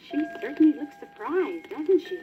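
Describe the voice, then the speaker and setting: A woman narrating a children's storybook record in a gentle, sing-song way, as if talking to small children. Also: high-pitched, very animated, moderate pace. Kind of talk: read-along storybook narration. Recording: muffled old vinyl record with music.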